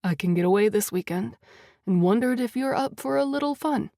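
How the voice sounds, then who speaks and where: A woman voicing a confident wealthy man with a deep voice, smooth and assured in an audiobook. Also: lively intonation, fairly quick, mellow, no room sound, studio quality. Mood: assured, flirty.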